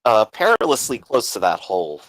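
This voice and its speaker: A male game master narrates a vampire tabletop scene, pausing often to find his words. His pitch swings widely as he paints the scene. The recording is dry and close. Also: very animated, a bit bright, dry recording, low-quality recording. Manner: descriptive, full of uh fillers.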